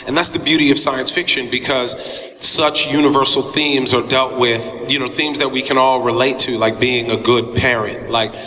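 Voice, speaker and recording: Middle-aged guy telling a story, chatty and laughing a lot, bright voice, roomy hall sound. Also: medium pitch, fairly even intonation, normal speed. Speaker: actor interviewed. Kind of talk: animated anecdote telling. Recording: echoey hall with faint noise.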